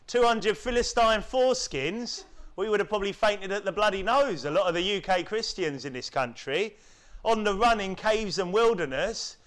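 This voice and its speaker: Preacher from the UK, man with a high voice, forceful sermon, mocks complainers in whiny put-on voices. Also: normal speed. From United Kingdom. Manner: rhetorical, keeps asking tag questions; mimics whining voices to mock them.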